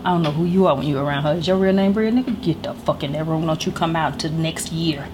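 Speaking fast in a deep voice, a middle-aged podcast host recounts a comedic story in a blunt, emphatic, heavily profane way. She's on a studio microphone, and there's background noise.

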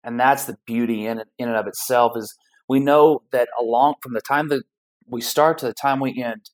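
A man's voice: mid-range voice, steady tone, normal speed, low-quality recording. A man talks as a guest on a podcast interview. His tone is upbeat and casual, with plenty of conversational fillers. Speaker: guest, foundation founder.

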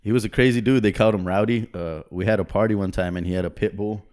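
Man, twenties, low voice, rambling storyteller, laughs a lot, casual chat. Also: steady tone, fast, a little mellow. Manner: rambling storyteller, laughs often, acts out quotes. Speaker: guest telling stories.

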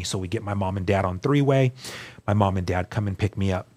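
A man, a guest on the show, telling his personal testimony in an earnest, emphatic way, dropping to a hushed voice at key moments. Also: low voice, brisk, slight background noise.

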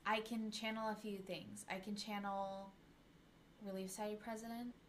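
A woman's voice: medium pitch, level tone, moderate pace, a little hiss or hum. A young woman co-hosting a podcast in casual, giggly, playful chat. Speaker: podcast co-host.

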